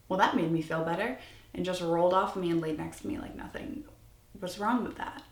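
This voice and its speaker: Candid young woman with a gravelly voice. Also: lowish voice. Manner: candid, rambling, with many restarts. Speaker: vlogger. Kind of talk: personal storytelling. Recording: echoey room.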